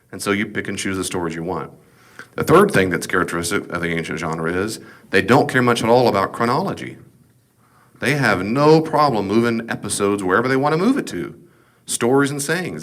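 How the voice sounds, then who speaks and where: A man with a somewhat low voice teaches a Bible study in a relaxed, conversational way. He leans into his points with emphasis and keeps asking the class rhetorical questions.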